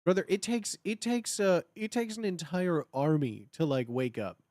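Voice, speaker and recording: Casually chatting on a livestream from home, this thirty-something from the Chicago area talks at normal speed and rambles, full of fillers and restarts. The animated delivery has sudden high bursts when they act out cheering, and there's no room sound.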